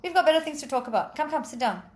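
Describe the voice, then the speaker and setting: A woman's voice: high-pitched, expressive, very fast, roomy sound. A woman storyteller voicing an offhand king who brushes off every warning. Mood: dismissive. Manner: dismissive, offhand. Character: lazy dismissive male king.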